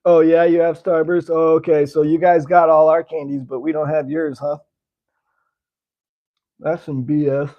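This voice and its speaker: A man's voice: a little high, little pitch movement, moderate pace, pauses often, lo-fi sound. An American man hosting a slingshot channel, chatting casually with viewers and answering their comments while tasting candy. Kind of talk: casual live-stream chat, tasting candy.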